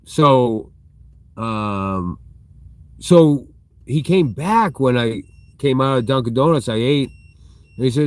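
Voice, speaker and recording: A middle-aged man with a voice of ordinary pitch, chatting loosely on a live stream. He wanders through a story and stops now and then to reply to viewer comments. He talks from inside a large store. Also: expressive, slow pace, pauses often, no echo. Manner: chatty, reads and answers viewer chat mid-story. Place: inside a big retail store.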